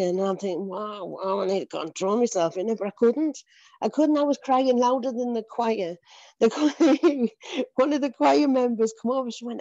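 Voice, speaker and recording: A woman's voice: mid-range voice, normal speed, warm tone, no room sound, muffled recording. A woman giving an earnest, emotional personal faith testimony, often repeating herself and laughing between phrases. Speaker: church member giving testimony.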